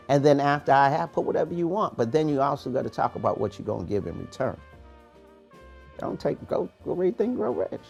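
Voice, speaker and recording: A man hosting a morning podcast, giving a preachy, animated motivational talk in street-casual phrasing. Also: on the high side, fairly quick, gravelly, soft background music. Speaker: podcast host, motivational coach.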